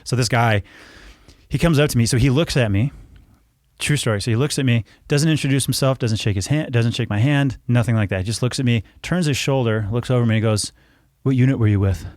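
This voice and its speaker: A man's voice: medium pitch, fast, a little mellow, dry recording, clean studio sound. A man in his thirties, a podcast guest telling a casual story with lots of restarts and self-corrections. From United States.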